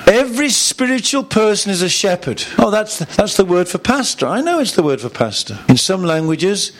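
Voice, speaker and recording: Animated preacher with lively pitch. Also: male voice, a little fast. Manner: animated, emphatic, with frequent restarts. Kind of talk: sermon. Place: church room with audience.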